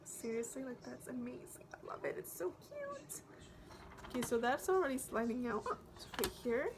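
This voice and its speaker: A woman vlogging about makeup in a gushing, excitable way, sometimes dropping to a whisper, while she has the hiccups. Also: sits high, background noise. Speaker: beauty vlogger. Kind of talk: casual makeup vlog.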